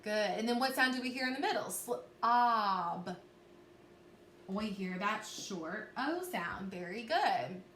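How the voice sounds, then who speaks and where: A woman teaching a recorded phonics lesson to young children, slow and clear, stretching out sounds and encouraging them. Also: mid-range voice, lively intonation, a bit bright. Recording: echoey room with faint background noise.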